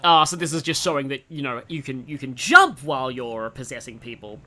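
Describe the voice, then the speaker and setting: A young Australian streamer talks through a game in a bright, lively voice, bouncing up and down in pitch. They ramble eagerly, trail off and start again, keeping the talk loose and casual. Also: a little fast. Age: 20s. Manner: chatty and enthusiastic, trails off and restarts a lot.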